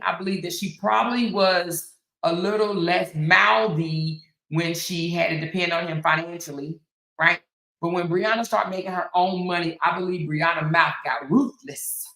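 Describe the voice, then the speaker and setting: A woman's voice: lowish voice, a bit bright, echoey room, low-quality recording. A woman hosting an opinionated commentary monologue, emphatic and repetitive, often checking in with "right?". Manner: emphatic, repeats phrases, frequent "right?". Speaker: commentary host.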